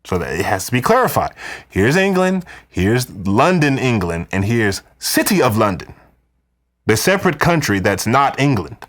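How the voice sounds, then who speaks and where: A man hosting a live podcast, ranting in an animated, conspiratorial way. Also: mid-range voice, moderate pace. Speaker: podcast host. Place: indoors, wearing headphones.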